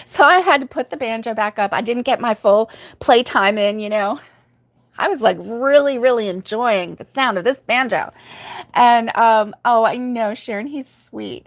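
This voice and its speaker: A woman's voice: a little high, animated, moderate pace. Chatty older woman, laughing often. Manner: chatty, laughs often, reads viewer comments aloud. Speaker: host of a crochet livestream. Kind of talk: casual chat and storytelling.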